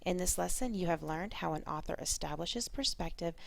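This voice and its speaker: A woman teacher explaining a reading lesson in a clear, methodical way. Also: lowish voice, brisk.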